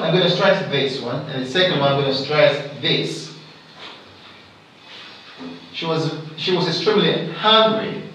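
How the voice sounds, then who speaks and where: Guy teaching english, slightly high voice that swings up and down a lot. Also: fairly bright tone. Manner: slow, repeats example sentences with stress, checks understanding. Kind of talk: exam-prep lesson. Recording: very echoey room, mic far off.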